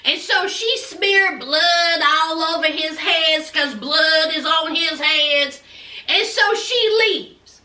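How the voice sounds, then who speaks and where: Casting: sassy, chatty TV recapper, high, bright voice, roomy echo. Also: female voice, slow, far from the mic. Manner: chatty, sassy, calls viewers child and honey. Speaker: TV recap vlogger. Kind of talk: animated casual recap.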